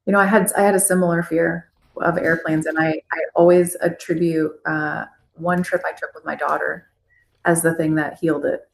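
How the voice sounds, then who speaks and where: A woman therapist, a podcast guest, telling personal stories casually and lively. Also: sits low, normal speed, gravelly, roomy sound. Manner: storytelling, animated when quoting herself. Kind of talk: casual interview chat.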